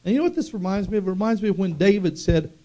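A man preaching a sermon, emphatic and drawing out key words slowly for weight. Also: sits high, lively intonation, warm tone.

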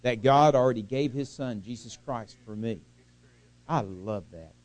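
A middle-aged man from the United States delivers a sermon in a chatty, folksy manner. His voice sits at a middle pitch, and he keeps drawing the congregation in with questions. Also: unhurried, a little mellow, no room sound. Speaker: preacher.

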